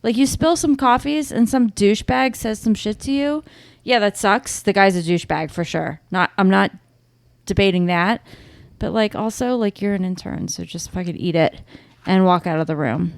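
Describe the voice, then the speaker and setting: A woman co-hosting a podcast, recapping a TV episode in casual chat with lots of swearing and animated storytelling. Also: mid-range voice, moderate pace, creaky, dry recording, clean studio sound. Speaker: podcast co-host.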